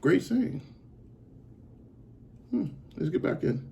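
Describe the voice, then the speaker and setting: A man's voice: a little high, expressive, takes it slowly, creaky, dark tone, a little hiss or hum. A man hosting a reaction video, commenting casually and rambling a bit as he talks it over. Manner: rambling, restarts, laughs along.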